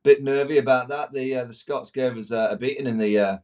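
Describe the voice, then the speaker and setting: A man's voice: medium pitch, steady tone, fairly quick, darkish tone. A man from England, a podcast guest, chatting casually with a hesitant, stammering manner. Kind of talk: casual chat.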